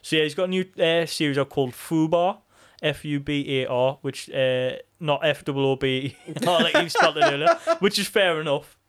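A man co-hosting a podcast in casual chat, animated, swearing freely and laughing often. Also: fairly high pitch, normal speed, hardly any pauses, clear, resonant tone. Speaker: podcast co-host.

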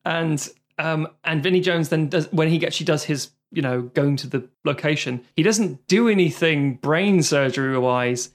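A man's voice: a little high, moderate pace, few pauses. A man co-hosting a casual film review podcast, sardonic and sweary, often mimicking people. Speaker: podcast co-host.

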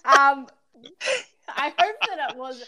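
A woman's voice: sits high, takes it slowly, pushed and bright. A woman guest in a playful casual chat, giggly and rambling, often repeating her words.

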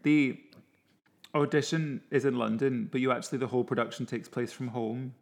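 A man's voice: medium pitch, fairly even intonation, brisk, gravelly. A man in his twenties co-hosting a podcast, chatting casually with a wry, self-mocking manner. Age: 20s. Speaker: podcast co-host. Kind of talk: casual chat.

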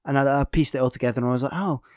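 A man's voice: medium pitch, little pitch movement, very fast, a little mellow, smooth, dry recording, studio quality. A man giving a casual spoken film review, rambling and hesitant with many fillers and restarts.

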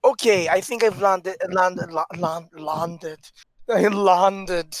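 A man co-hosting a casual chat, animated, laughing often and talking with plenty of fillers and restarts. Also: high-pitched, takes it slowly, no echo. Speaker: podcast co-host.

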